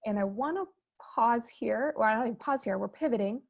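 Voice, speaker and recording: A woman moderating a fireside chat over a video call, explaining terms in a measured, teacherly way. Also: a little high, vocal fry.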